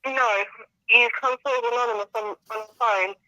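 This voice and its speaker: A man's voice: very high voice, steady tone, normal speed, bright, forceful tone, no room sound. A male hotel receptionist on a phone call, patient and asking guiding questions. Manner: patient, asks questions to guide the caller.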